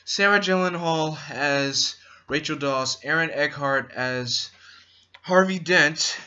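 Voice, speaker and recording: A man's voice: fairly high pitch, slow pace, sharp tone, lo-fi sound. A man giving an enthusiastic, rambling movie review in a casual vlog.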